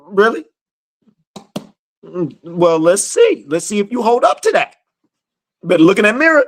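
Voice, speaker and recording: Animated preacher man, lively pitch. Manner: animated, bantering with viewers, stretches scripture slowly. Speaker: Bible study teacher. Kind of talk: livestreamed Bible study preaching.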